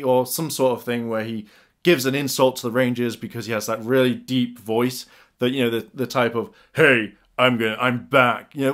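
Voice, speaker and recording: Excited young man vlogging. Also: mid-range voice. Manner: excited, animated storytelling with quick acted asides. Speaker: YouTuber. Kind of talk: casual fan theory vlog.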